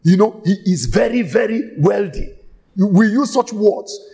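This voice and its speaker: Emphatic high-voiced male preacher. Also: expressive, creaky, warm tone. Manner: emphatic, repeats phrases for stress, drawn-out delivery. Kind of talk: sermon.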